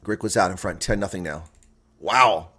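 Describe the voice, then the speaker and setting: A man doing live solo rugby play-by-play and reaction commentary, excitable and exclaiming, chatting to viewers between plays. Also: low voice, moderate pace, slightly rough.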